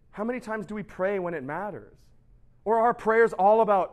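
High-voiced, chatty middle-aged pastor. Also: male voice, a little fast. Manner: chatty and animated, keeps asking "right?". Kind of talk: casual sermon.

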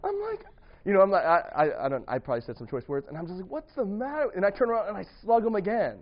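A young man with a slightly high voice tells a rambling story to a few friends, laughing often and restarting his sentences. The recording is muffled and lo-fi, with the top end dulled. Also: big pitch swings, very fast. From grew up partly in the US Midwest. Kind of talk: casual storytelling to a small group.

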